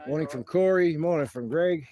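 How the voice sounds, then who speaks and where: An Australian man with a warm, slightly high voice hosts a casual livestream outdoors at a protest, speaking at normal speed. Chatty and profane, he rambles freely and laughs often.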